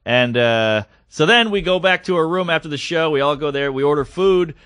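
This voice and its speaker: Animated, bright-voiced male comedian. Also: fairly high pitch, moderate pace, smooth, dry recording, clean studio sound. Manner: animated storyteller acting out quotes. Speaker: podcast co-host, comedian. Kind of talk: casual comedy podcast storytelling.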